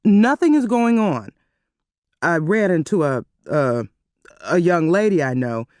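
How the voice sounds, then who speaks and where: A woman narrator voicing a panicked, sweating man who pleads in a shrill, desperate voice. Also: big pitch swings, measured pace, a little mellow, dry recording, studio quality. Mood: pleading. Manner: shrill and high-pitched.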